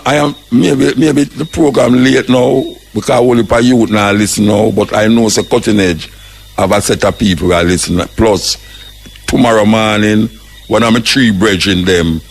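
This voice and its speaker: Older Jamaican radio host, husky voice, fiery preaching monologue in patois. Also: male voice, on the low side. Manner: impassioned, preaching, mixes patois with English. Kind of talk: radio talk commentary.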